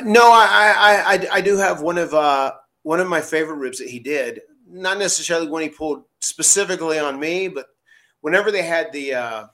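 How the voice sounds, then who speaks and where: Animated storytelling man, bright voice. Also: medium pitch. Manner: animated, acts out quotes loudly, laughs often. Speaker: podcast host telling stories. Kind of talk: casual storytelling.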